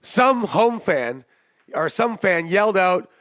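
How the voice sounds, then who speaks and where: Guy co-hosting a betting pod, swears a lot, gets worked up, slightly high voice, dry mic. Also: moderate pace, no room sound. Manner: profane, animated ranting. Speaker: podcast co-host. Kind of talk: casual sports betting chat.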